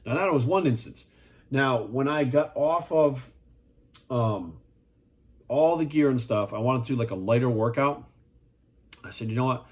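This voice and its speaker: A man's voice: medium pitch, measured pace, pauses often. A man talking as a fitness coach in a casual monologue, blunt and profane, firing rhetorical questions at the viewer.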